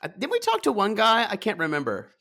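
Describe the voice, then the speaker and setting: A man's voice: high voice, huge pitch swings, fast talker, sharp tone. A man co-hosting a reality TV podcast, chatty and dramatic, drinking while he talks. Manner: chatty, dramatic, tipsy banter. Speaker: podcast co-host. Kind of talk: casual chat.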